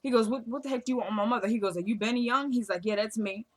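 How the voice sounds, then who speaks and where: Woman doing a tv recap, kinda high voice, acts out everybody's lines, aave flavor. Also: very fast. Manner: retells scenes by acting out the characters' lines. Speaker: TV recap vlogger. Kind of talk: casual episode recap.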